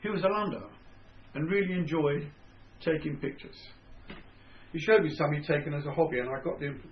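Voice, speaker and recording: An older man with a Cockney (Estuary) accent reading his own memoir in a measured, dry storytelling manner. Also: fairly high pitch. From England. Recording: dull lo-fi recording.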